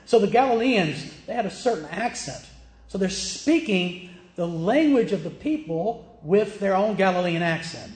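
A man's voice: sits high, lively intonation, normal speed, darkish tone, echoey room. A man from the American South with a Southern accent, preaching a sermon in a plain, emphatic teaching manner, asking the listeners questions. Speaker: pastor.

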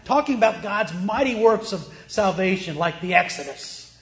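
A man's voice: sits high, lively intonation, moderate pace, fairly bright tone, reverberant. A man from the American South with a Southern accent, preaching a sermon in a plain, emphatic teaching manner, asking the listeners questions. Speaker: pastor.

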